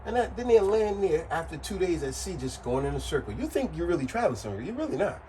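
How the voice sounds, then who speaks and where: A man's voice: high-pitched, quick pace, a little hiss or hum, low-quality recording. A man giving a casual, joking explanation to the camera, repeating his points often. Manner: repetitive, animated, joking. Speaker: vlogger.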